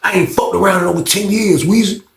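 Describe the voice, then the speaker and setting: A man doing a stubborn older male inmate who speaks in a gruff, gravelly mutter. There is a defiant edge to him, and the voice carries a roomy echo. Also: high-pitched, quick pace.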